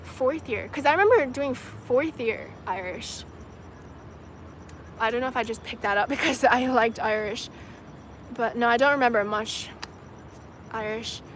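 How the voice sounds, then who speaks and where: A woman's voice: on the high side, measured pace, pauses often, fairly bright tone, a little hiss or hum. Chatty young woman on an outdoor livestream. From China. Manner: chatty, fills with "like" and "you know", laughs often. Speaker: livestream host answering viewer comments. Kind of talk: casual chat.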